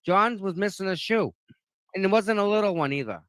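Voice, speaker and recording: A man's voice: sits high, expressive, fairly quick, a bit bright, no room sound. A man with a Boston accent, co-hosting a casual chat and making blunt, emphatic points. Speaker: co-host.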